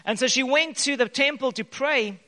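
A man preaching a sermon in an animated way, his voice echoing in a church hall. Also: extremely high pitch, normal speed. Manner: animated preaching with bursts of loud acted quotes. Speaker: pastor. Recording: long hall reverb.

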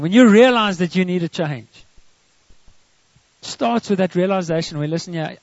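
Gravelly, high-voiced male preacher. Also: no echo. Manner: retells the story in dramatic quoted voices. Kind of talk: sermon. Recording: dry, dull lo-fi sound.

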